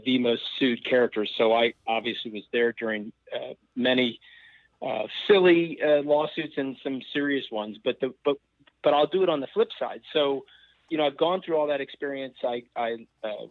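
Animated man telling a story over a thin line. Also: mid-range voice, no echo, phone-quality sound. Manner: animated storyteller who acts out voices. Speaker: former sports mascot performer. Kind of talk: storytelling in a panel chat.

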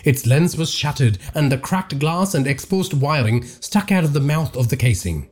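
A man narrating a horror story in a dramatic, expressive reading. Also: fairly high pitch, normal speed, slight background noise.

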